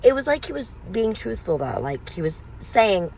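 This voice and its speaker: Gravelly-voiced woman telling a raw story. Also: medium pitch, very animated, moderate pace, a little mellow, rough recording. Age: adult, mother of young children. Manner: emotional, rambling, raw. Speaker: vlogger telling her own story. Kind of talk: confessional storytelling.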